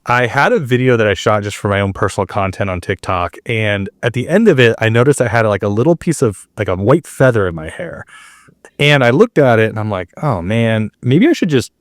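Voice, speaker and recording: A man in his thirties hosting a marketing podcast, telling stories in a casual, animated way with quick asides. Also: mid-range voice, dry recording, studio quality. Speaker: podcast host. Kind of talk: casual interview chat.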